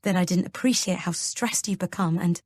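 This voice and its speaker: A woman reading an audiobook, voicing a gentle, worried husband who talks softly and hesitantly. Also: lowish voice, normal speed, no echo, studio quality, lightly acted. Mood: earnest. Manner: soft, hesitant pleading.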